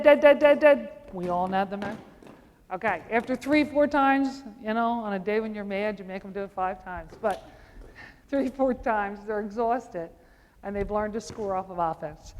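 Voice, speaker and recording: A woman basketball coach running a clinic, giving brisk commands and repeating urgent calls as players run drills. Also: medium pitch, darkish tone. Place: large indoor gym. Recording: long echoing gym reverb.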